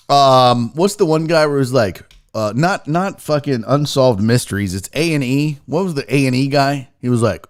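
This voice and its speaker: A slightly drunk man runs his sports talk livestream, bantering loudly with the chat and swearing freely. His pitch sits a bit high and swings widely from line to line. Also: lively intonation, normal speed. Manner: tipsy, loud, joking, swears often. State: a little drunk. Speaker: sports talk show host.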